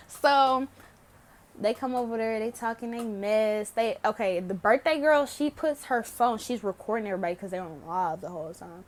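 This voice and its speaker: A woman's voice: medium pitch, expressive, moderate pace. A young woman vlogging to camera, telling a story casually, laughing often and swearing freely.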